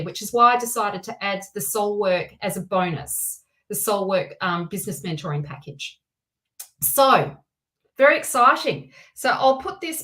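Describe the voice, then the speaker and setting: A woman hosting a live tarot stream, talking in a chatty, excitable way with many restarts and asides. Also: fairly high pitch, poor audio. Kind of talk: casual live-stream chat.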